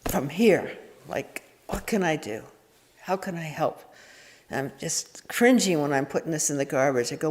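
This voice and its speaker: A woman's voice: deep voice, animated, a little slow, darkish tone. Woman giving a rambling, candid dharma talk. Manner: meandering and candid, with frequent restarts and chuckles. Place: meditation hall. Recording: echoey hall reverb.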